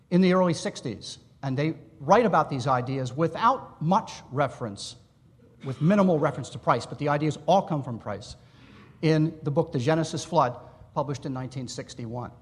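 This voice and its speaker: A man giving an academic lecture, explaining history in a measured way with asides to his listeners. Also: fairly high pitch, breathy edge. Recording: long reverb in a hall.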